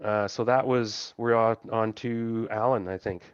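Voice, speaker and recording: Male game master, casual, slightly low voice, dry muffled call audio. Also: steady tone, measured pace, smooth, no room sound. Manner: casual, laughing, thinking aloud. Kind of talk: running a tabletop game.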